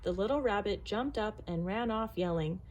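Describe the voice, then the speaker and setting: A woman storyteller introducing a folktale and reading a picture book aloud in a measured, expressive way. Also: medium pitch, rough recording.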